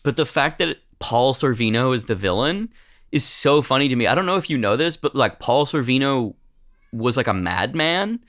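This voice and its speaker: Man, podcast co-host, casual comedic chat, profane, animated pitch. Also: normal speed. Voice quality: profane, excitable storyteller.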